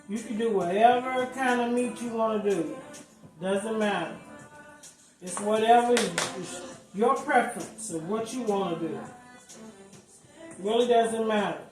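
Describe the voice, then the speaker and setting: A woman's voice: a little high, darkish tone, far from the mic. Chatty woman cooking in an echoey kitchen. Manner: chatty, talks through each step with fillers. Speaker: home cooking channel host. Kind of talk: casual cooking demonstration. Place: home kitchen.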